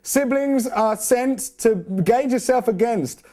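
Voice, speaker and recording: A man's voice: extremely high pitch, takes it slowly. A young man giving a casual, jokey guitar lesson, counting beats and scatting rhythms aloud. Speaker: guitar teacher. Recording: loud guitar playing under the voice.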